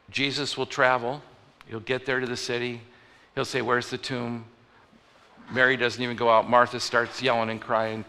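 A male pastor preaching a conversational sermon, moving from loud emphatic lines to hushed ones. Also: mid-range voice, creaky. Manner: conversational, animated, swings between loud and hushed. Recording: reverberant hall.

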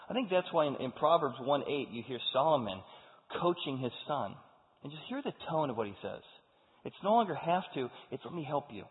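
A man preaching a sermon to a congregation, talking in an animated way and acting out the voices of the people he quotes. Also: a little high, moderate pace. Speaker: pastor. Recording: phone-like sound with long hall reverb.

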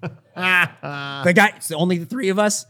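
A man hosting a podcast, telling an anecdote in a casual, animated way and acting out the people in it. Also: sits high, slow, background noise. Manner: animated storyteller, laughs often, acts out the people he quotes. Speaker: podcast host. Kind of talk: casual storytelling chat.

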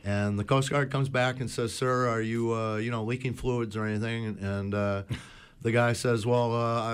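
A man's voice: mid-range voice, fairly even intonation, normal speed, smooth. A man telling rambling boating anecdotes on a community radio talk show, full of fillers. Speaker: boat talk show regular. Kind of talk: casual storytelling on community radio.

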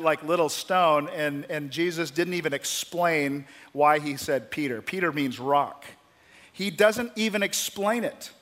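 Man, pastor, sermon, animated storyteller, fairly high voice.

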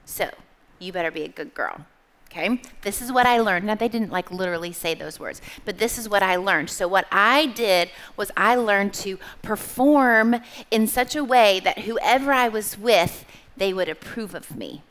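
A middle-aged woman giving a church testimony talk as a small group leader, chatty and animated, asking her audience questions. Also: mid-range voice, normal speed.

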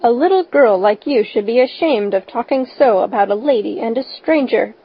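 A woman voicing a stern, practical older woman who speaks in a brisk, scolding way. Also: on the high side, animated, husky. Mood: severe. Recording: dull lo-fi recording.

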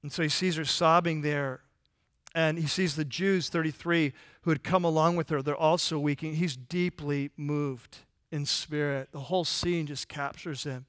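A man with a high-pitched voice preaching a sermon in a conversational way. He asks his listeners rhetorical questions and turns soft and quiet in tender moments. The recording is dry, with little room sound. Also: steady tone, moderate pace, no echo. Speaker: pastor.

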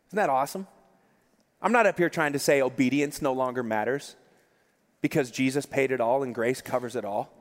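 A male pastor preaching a sermon with passion, often repeating words as he builds emphasis. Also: on the high side. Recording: long hall reverb.

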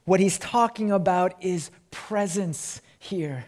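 A male pastor delivering a sermon in a slightly raised voice. He speaks slowly and leans on single words, building up loud and then dropping soft. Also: sits high. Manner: slow, emphatic preaching with swells and drops in volume.

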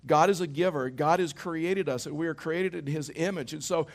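A middle-aged male pastor delivering a sermon, with a voice pitched a bit above the usual for a man. He speaks conversationally, drifting into everyday stories and checking in with the congregation through rhetorical questions. The setting is a church service. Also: moderate pace.

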